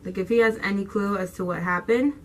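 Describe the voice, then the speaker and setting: Speaking quickly at a medium pitch, a young female vlogger animatedly relates a storytime tale in slang, swearing freely and acting out people's quotes. The audio is poor, with slight background noise.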